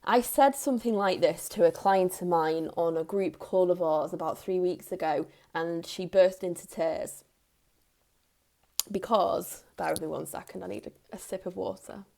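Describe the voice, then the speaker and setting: A woman in her thirties, a parenting coach, giving earnest advice straight to the camera in a soft tone, repeating key phrases for emphasis. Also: fairly low pitch, normal speed, vocal fry. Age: 30s. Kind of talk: direct-to-camera advice talk.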